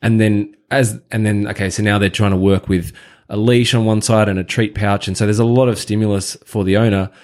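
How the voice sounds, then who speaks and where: Low-voiced man reflecting in a chat. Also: fairly even intonation, a little fast, a little mellow. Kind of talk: casual podcast conversation.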